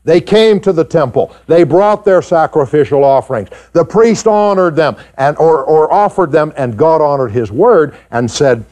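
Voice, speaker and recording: A man preaching a sermon to his congregation, animated and rising high in pitch when he acts out doubters. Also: moderate pace, hardly any pauses. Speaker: pastor. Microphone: pulpit mic recorded for tape.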